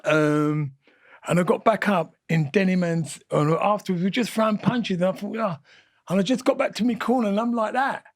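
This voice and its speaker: A man in his sixties, a boxing guest telling fight stories in an energetic, animated way and repeating his phrases. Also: high voice, normal speed, no room sound, clean studio sound. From England. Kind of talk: animated storytelling interview.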